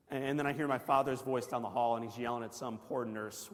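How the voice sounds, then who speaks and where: A man from Missouri giving a personal testimony as a Christian guest speaker, telling his story dramatically, swinging from loud excited bursts to hushed near-whispers and asking the audience questions. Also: mid-range voice, fast. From Missouri, USA. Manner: asks the audience direct questions. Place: large banquet hall. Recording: long hall reverb from a large room.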